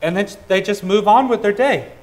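A man's voice: high voice, normal speed, a little mellow, low-quality recording. Earnest man preaching a sermon. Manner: earnest, personal, with hesitant restarts and dynamic swings. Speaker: pastor.

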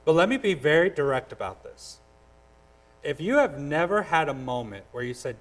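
A man's voice: fairly high pitch, expressive, moderate pace, rough recording. A man preaching a sermon as pastor, direct and earnest, with repeated phrases and voices acted out in a story. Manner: acts out voices in a told story.

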